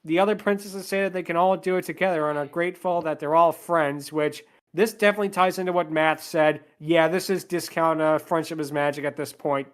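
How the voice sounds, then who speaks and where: Sardonic podcast host recapping a movie. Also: male voice, fairly high pitch, fairly even intonation, fairly quick, hardly any pauses, smooth. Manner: plot narration with sarcastic asides.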